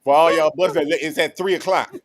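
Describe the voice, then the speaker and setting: A man's voice: a little high, fairly even intonation, fast talker. A man, co-hosting a livestream chat, mocking and laughing often. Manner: mocking, laughing often, drops into put-on street voice. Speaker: co-host.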